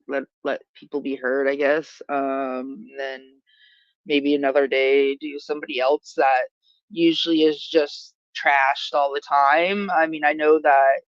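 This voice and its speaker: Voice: mid-range voice, no room sound, muffled recording. A livestream host chatting casually outdoors in a yard, rambling and often trailing off mid-thought, recorded on a phone. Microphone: phone camera.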